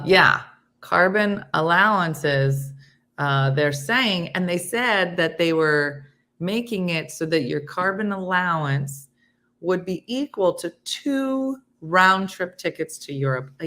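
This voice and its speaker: A middle-aged woman hosting a casual morning chat show, talking loosely and reading viewer comments aloud. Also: low voice. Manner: chatty, animated, reads comments aloud. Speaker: host.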